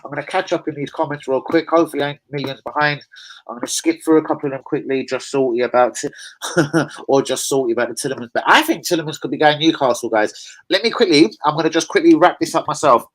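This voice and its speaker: On a rough recording, a man with a fairly high, fairly bright voice talks fast while hosting a live football fan stream. He chats casually ahead of the match, reads viewer comments aloud and swears freely.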